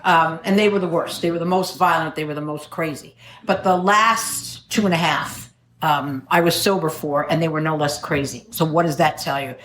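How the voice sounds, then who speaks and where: Middle-aged woman, recovery-meeting speaker, self-mocking humor, lower register, roomy echo. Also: fairly even intonation, normal speed, fairly bright tone. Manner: wry, self-mocking storytelling with jokes. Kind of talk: personal recovery talk at a meeting. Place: meeting room. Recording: echoey meeting room.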